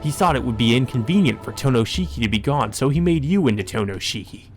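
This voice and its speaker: A man's voice: mid-range voice, expressive, fast talker, faint music behind, close to an everyday voice. A man reading a visual novel aloud, voicing a vengeful, resentful young man in a bitter, accusing, cold manner.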